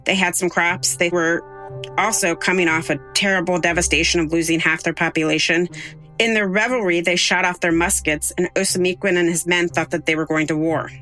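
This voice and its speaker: An interviewee explaining history in a lively, storytelling way. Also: mid-range voice, fairly quick, soft background music.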